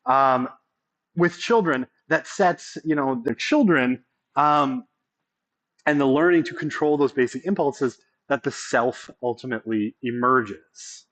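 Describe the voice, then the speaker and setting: Man, sociology instructor, casual classroom lecture, conversational, mid-pitched voice. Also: unhurried, fairly bright tone. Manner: conversational, often checks in with "right?".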